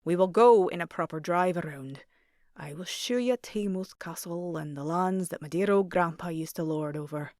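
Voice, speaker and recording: A woman voices a Scottish Highlander man for an audiobook, gruff yet tender, with a lilting burr and a teasing, dry humor. The voice sits low and is recorded close and dry. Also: moderate pace, darkish tone, dry recording, close to an everyday voice. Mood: fond.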